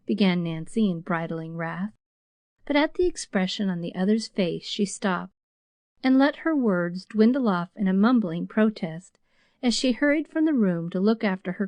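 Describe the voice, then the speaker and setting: A woman reads a classic novel aloud in a measured storytelling manner, her voice sitting mid-range for a woman. The recording is dry and close-miked. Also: mid-range voice, a little mellow, no echo. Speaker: audiobook narrator. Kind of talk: scripted narration.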